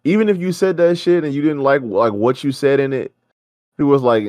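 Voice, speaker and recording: A man's voice: medium pitch, a little fast, a little mellow, dry recording, studio quality. A man co-hosting a reaction show, ranting in heated, profane casual chat.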